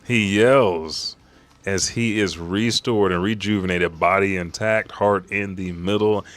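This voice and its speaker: Man, lowish voice, casual live comic recap, profane, excitable, sudden high shouted character voices. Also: measured pace. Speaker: host of a live chapter read.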